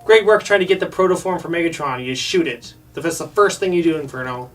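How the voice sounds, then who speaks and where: A man's voice: on the high side, animated, a little fast, a bit bright, far from the mic, faint music behind. Man recapping cartoon episodes jokingly. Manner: jokey, does silly character voices while retelling. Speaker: podcast co-host reviewing a cartoon. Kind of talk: casual comedic recap chat.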